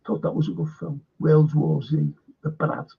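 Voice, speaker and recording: Hosting a casual live-stream chat, a man speaks at a moderate pace in a fairly high, gravelly, husky voice with fairly even intonation. He rambles, talks bluntly and curses frequently, all captured in dull, lo-fi stream audio.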